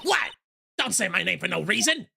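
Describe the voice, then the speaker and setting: A man's voice: sits high, very animated, moderate pace, creaky, bright, forceful tone, voice pushed up, full character voice. A man voicing a stubborn, indignant old woman security guard in a game playthrough, snapping and scolding at everyone. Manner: bossy and indignant, snapping at people.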